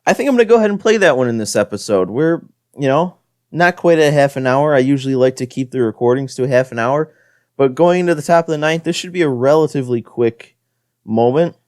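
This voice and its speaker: A man's voice: mid-range voice, animated, fast talker, darkish tone, no room sound, clean studio sound. A young man giving casual play-by-play commentary on his own video game, frustrated and self-deprecating. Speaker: gaming channel host. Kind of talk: gameplay commentary.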